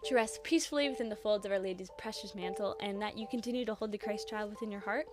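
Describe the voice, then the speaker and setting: A woman's voice: medium pitch, quick pace, over music. Bubbly young woman podcast host. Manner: bubbly and effusive, many "like"s and gushing praise. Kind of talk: casual faith podcast chat.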